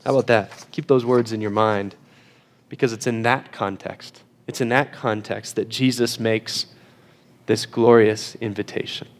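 A man preaching a sermon in an emphatic way, slowing down and dropping to a hush on key phrases, sometimes repeating words as he restarts. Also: on the low side, fairly even intonation. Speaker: pastor.

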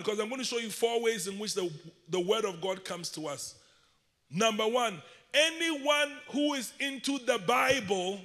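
A man from Africa with a West African accent preaches to a congregation, his voice high and bright. He leads call-and-response and draws out key phrases slowly. His voice carries a long reverb through a large hall. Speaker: bishop preaching. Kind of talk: sermon.

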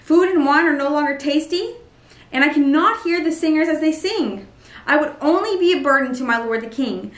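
A woman's voice: sits high, expressive, brisk, fairly bright tone. A woman reading the words of a gracious, weary man of eighty, with a roomy echo from a distance. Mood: gentle.

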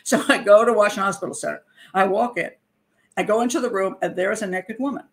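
A woman host telling a true story to her viewers in a casual monologue. Her pitch sits in the middle, and she slips in laughs as she goes. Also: fast talker. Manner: chatty, laughs often, acts out quotes. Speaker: criminal profiler and show host.

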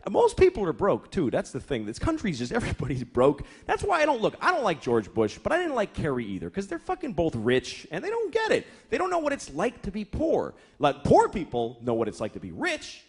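This comedian's voice is high and slightly rough, swinging hugely in pitch, a little fast with hardly any pauses. He performs a crude, exasperated stand-up set before a live, laughing audience, acting out characters along the way.

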